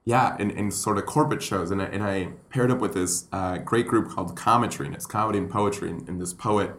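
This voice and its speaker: Low-voiced man rambling in a roomy echo. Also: a little fast, a bit bright. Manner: rambling storyteller, acts out quoted voices. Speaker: comedian and podcast guest. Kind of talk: casual podcast chat.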